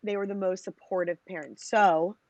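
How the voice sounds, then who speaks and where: A woman's voice: mid-range voice, steady tone, normal speed, darkish tone, highs cut off. A woman in her thirties, a company founder, tells her story in a casual interview. She is long-winded, scatters "you know" and "like" through her talk, and acts out the lines she quotes. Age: 30s.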